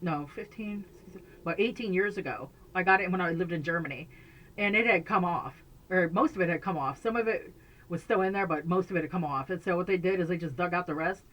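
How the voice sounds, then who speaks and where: Woman, casual vlog chat, low-pitched, rambling with fillers and restarts, laughs often, home room. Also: brisk, lo-fi sound. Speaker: vlogger.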